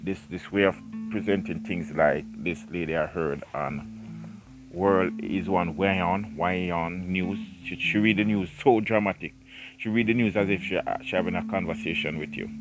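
A man's voice: low-pitched, rough recording. A man hosting a casual solo podcast, reading a book aloud and breaking off into self-mocking, rambling asides. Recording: clear music playing behind the voice.

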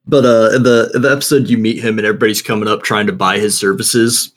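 A man co-hosting a casual chat, talking haltingly with many fillers and restarts, laughing often. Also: on the low side, a bit bright. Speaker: podcast co-host.

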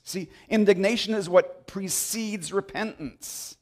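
A man's voice: on the high side, expressive, measured pace. A man preaching a sermon as pastor, emphatic and repeating phrases for stress.

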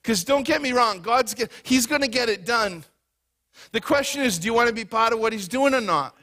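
A male pastor preaching a conversational sermon to a church congregation, talking energetically in quick bursts. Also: very high voice, lively intonation, pushed and bright. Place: church hall before a congregation.

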